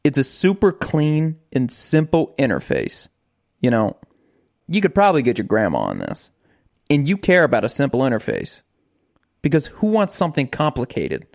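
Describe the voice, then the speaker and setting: A man's voice: medium pitch, wildly swooping pitch, moderate pace, gravelly, darkish tone. A man co-hosting a casual podcast, talking animatedly, repeating words and talking over his partner, also reading the ad. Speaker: podcast co-host. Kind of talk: casual podcast chat and host-read ad.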